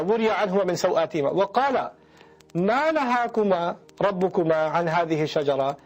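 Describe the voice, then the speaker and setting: A man with a high, light voice gives an animated religious lecture, asking his listeners rhetorical questions as he goes. He recites verses and then translates them. Faint music sits quietly underneath. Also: rough recording. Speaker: Quran lecturer.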